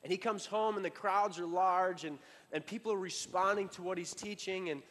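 Conversational preacher in a reverberant hall. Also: male voice, high voice, steady tone, normal speed. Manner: conversational, many fillers and restarts, building emphasis then dropping soft. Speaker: pastor. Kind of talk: sermon.

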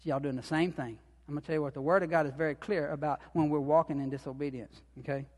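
Man, lay preacher, folksy and repetitive, high voice ringing in a reverberant hall. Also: fairly even intonation, quick pace, a little mellow. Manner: folksy, repetitive, rising to emphatic bursts. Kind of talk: sermon.

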